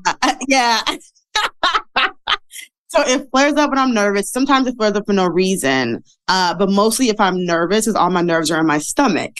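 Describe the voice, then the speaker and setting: A woman's voice: medium pitch, brisk, few pauses, clean tone. A woman in her thirties, a guest telling her story in a candid, chatty, self-deprecating way that is full of fillers and laughs. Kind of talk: casual interview storytelling.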